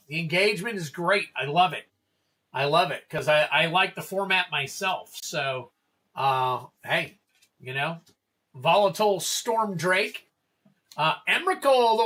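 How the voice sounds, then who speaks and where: Bright-voiced chatty man hosting a stream. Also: sits high. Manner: chatty, reads card names and prices aloud to chat. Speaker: livestream card-opening host. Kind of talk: casual livestream chat.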